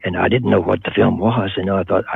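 A man's voice: low voice, fairly even intonation, fairly quick, vocal fry, breathy edge, no echo. An older man with a Texan accent, the guest in an interview, telling a story and acting out the voices of the people in it. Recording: muffled phone-line sound.

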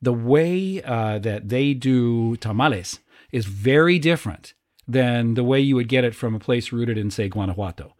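A man's voice: mid-range voice, lively intonation, normal speed, a little mellow. A man hosting a casual interview, talking in an enthusiastic and rambling way. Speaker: host.

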